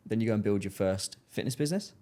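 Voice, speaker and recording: Male interviewer, rapid delivery, inquisitive, anecdotal. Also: on the low side, expressive, mellow. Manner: curious, storytelling questions. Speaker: podcast host. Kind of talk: podcast interview.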